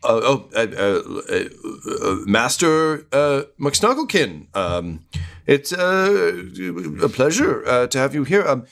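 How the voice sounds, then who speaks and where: A man's voice: mid-range voice, sing-song, slow, a bit bright, voice pushed up, full character voice. A man doing a stammering small-town guard, over-polite, raised voice.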